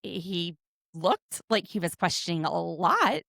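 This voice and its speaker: A woman in her forties, co-hosting a casual podcast recap with chatty, animated storytelling. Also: lowish voice, slow, vocal fry, no room sound, clean studio sound. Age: 40s. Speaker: podcast co-host.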